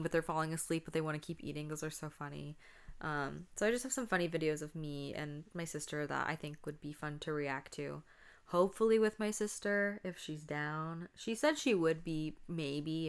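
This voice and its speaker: A woman's voice: low voice, clean tone. A young woman hosting a casual solo podcast, chatting and telling stories about her childhood, acting out the voices in them. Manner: chatty, laughing, acts out quotes. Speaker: podcast host.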